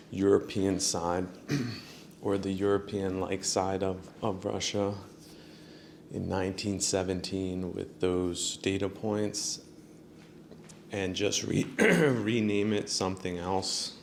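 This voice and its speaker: Slow, gravelly male podcast host. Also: low-pitched, level tone, a little mellow, a little hiss or hum. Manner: rambling, many fillers, chuckles at own jokes. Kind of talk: solo podcast monologue.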